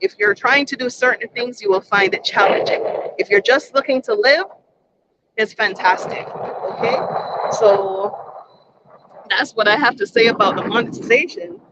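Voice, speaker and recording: A woman's voice: fairly high pitch, lively intonation, moderate pace, long pauses. A woman hosts her own channel and talks candidly to the camera outdoors by the sea. Her delivery is reflective and conversational. The recording is muffled and lo-fi, with heavy outdoor noise. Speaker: vlogger. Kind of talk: casual talk to camera. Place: outdoors on a beach. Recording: dull lo-fi sound with loud outdoor noise.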